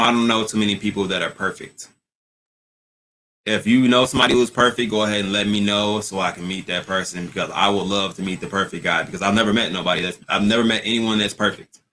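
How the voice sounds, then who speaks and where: Bright-voiced man hosting a livestream. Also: lowish voice, slight background noise. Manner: loose, slangy, talks straight to viewers. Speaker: livestream host. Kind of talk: casual livestream chat.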